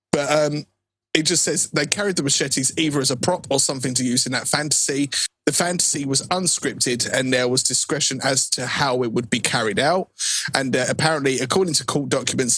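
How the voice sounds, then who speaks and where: Husky podcast host reading news. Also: male voice, mid-range voice, a bit bright, no room sound, rough recording. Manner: reads news items aloud with stumbles. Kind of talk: casual chat, reading out news stories.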